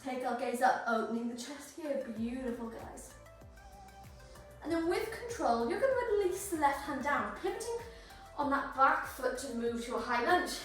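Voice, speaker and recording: A woman's voice: sits high, animated, normal speed. A woman yoga instructor, slightly out of breath, encouragingly cueing breaths and poses through a flow. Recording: very echoey room, voice far from mic, music behind.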